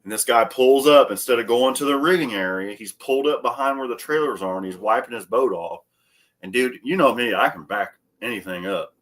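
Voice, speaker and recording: A man's voice: mid-range voice, fairly quick. A man telling casual stories in a chat, swearing freely and raising his voice to act out the people he quotes. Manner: profane, animated storyteller who acts out quoted people in a raised voice. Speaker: co-host.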